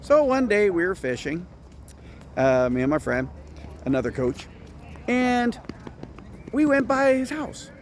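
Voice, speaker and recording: A man, a football coach and teacher, telling lively stories about a late friend and mentor, then speaking earnestly in tribute. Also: measured pace, long pauses, slight background noise. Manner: animated storytelling, rising high when excited, earnest when reflecting. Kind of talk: casual storytelling tribute.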